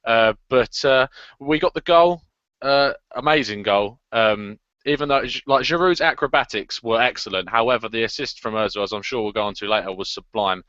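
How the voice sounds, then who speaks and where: A man on a casual football podcast panel, giving his view haltingly with many pauses and fillers. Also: medium pitch, sharp tone, dry recording, highs cut off. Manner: hesitant, many ums and uhs.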